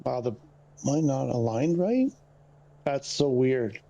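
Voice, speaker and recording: Talking slowly into a headset mic, a man streaming a flight game rambles through how the radio steps work, sounding slightly out of breath. His voice sits in the mid range, warm and creaky, with a lively lilt.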